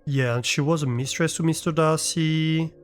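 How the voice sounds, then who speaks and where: Guy streaming from his room, kinda high voice, slow, musing out loud, faint music behind. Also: fairly even intonation. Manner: thinking aloud, unhurried, chatting with viewers. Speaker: live streamer. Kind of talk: casual chat while playing a game. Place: his own room at home.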